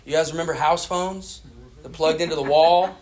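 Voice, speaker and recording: Man, recovery meeting speaker, rambling candid storytelling, fairly high voice. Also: fairly even intonation, moderate pace, a little mellow. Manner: candid, rambling, frequent fillers, laughs at himself.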